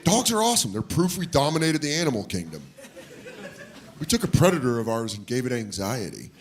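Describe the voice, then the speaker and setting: Animated man doing stand-up. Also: mid-range voice, brisk, crowd noise. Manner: animated, acts out voices of people in his stories. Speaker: stand-up comedian. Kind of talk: stand-up storytelling. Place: comedy club stage. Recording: live club set with audience noise behind.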